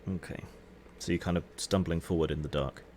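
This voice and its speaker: A man running an online tabletop game as game master, narrating scenes in a relaxed, descriptive way. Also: deep voice, fairly quick, a little hiss or hum. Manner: relaxed, descriptive, hedging with "sort of".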